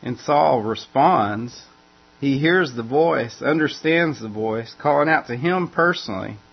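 A male preacher teaches in a loose, conversational way, circling back over his phrases. His voice is gravelly and husky. The recording sounds muffled and lo-fi. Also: medium pitch, animated, measured pace. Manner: informal, repeats and restarts phrases as he explains. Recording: dull lo-fi recording.

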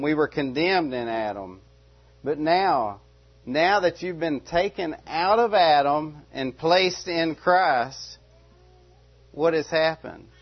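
Emphatic preacher man, lo-fi recording. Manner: emphatic, repeats key words, rising pitch on questions. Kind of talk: sermon. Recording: dull lo-fi recording.

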